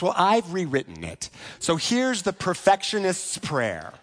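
A man preaching a sermon in a conversational way, often asking "right?" and slowing down for key points. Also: a little high, big pitch swings. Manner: conversational, asks "right?" often, slows for emphasis. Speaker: pastor.

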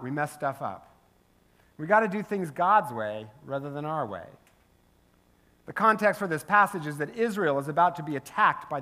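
Male pastor, fairly high voice, animated conversational sermon delivery, frequent "right?" check-ins. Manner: storytelling, animated, asks the crowd "right?". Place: church sanctuary.

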